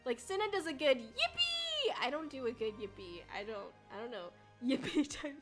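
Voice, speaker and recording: A young woman chatting casually on a livestream, rambling and giggly with bursts of excitement. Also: high-pitched, normal speed, soft background music. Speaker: VTuber streamer.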